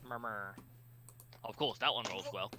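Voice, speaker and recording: A man's voice: lowish voice, moderate pace, noisy background. A man with a Cockney accent playing in a tabletop game over an online call, blunt, sweary and joking. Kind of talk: casual banter over a voice call. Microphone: computer mic on an online call.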